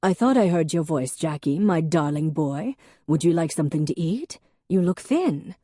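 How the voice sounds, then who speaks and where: A woman's voice: low-pitched, animated, moderate pace, dark tone, no room sound, clean studio sound. A woman voicing a bustling, doting stepmother in an audiobook.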